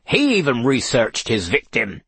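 A snappish, accusing storybook character, quick to point the finger, played by a male narrator. Husky and dry in tone. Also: mid-range voice, wildly swooping pitch, a bit bright, dry recording, full character voice. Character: sharp, accusing man.

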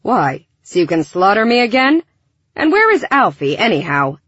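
A woman's voice: a little high, big pitch swings, slow pace, breathy edge, dry recording, pitched above the performer's own voice, heavily acted. A woman voicing Breck, a blunt, tough young woman on a spaceship crew, with a brusque, teasing manner, in an audiobook. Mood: pressing. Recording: dull dry recording.

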